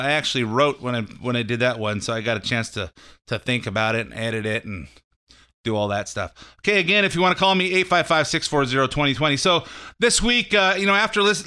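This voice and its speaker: Man, radio host, bright tone, crisp clear voice, casual rambling political talk, lots of ums and restarts. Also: medium pitch. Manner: rambling, off-the-cuff, many fillers and restarts. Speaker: radio call-in show host.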